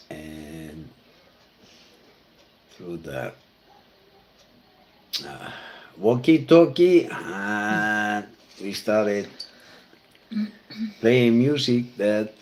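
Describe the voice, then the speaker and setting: A man from Iceland with an Icelandic accent, a pastor telling personal stories in a halting, reflective way. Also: lowish voice, sing-song. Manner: halting and reflective, with many fillers and restarts. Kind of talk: personal storytelling talk.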